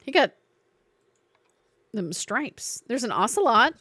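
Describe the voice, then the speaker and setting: A woman's voice: fairly high pitch, expressive, unhurried, a bit bright, no echo. A woman with a Southern accent, chatting playfully with viewers while streaming a game. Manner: playful, chatty, reacting and greeting chat. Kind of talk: live-streamed gameplay chat.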